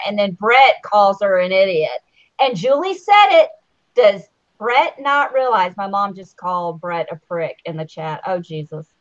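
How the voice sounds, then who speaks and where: A woman co-hosting a casual live-stream chat, animated and jokey. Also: mid-range voice, a little slow. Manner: animated, jokey, mimics houseguests. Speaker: podcast co-host. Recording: muffled lo-fi audio.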